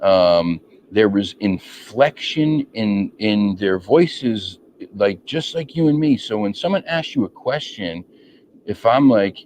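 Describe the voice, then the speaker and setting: A man's voice: on the low side, lively intonation, slow pace, a little mellow. A man hosting a casual interview, rambling with many ums and restarts. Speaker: podcast host. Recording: dull lo-fi audio with faint noise.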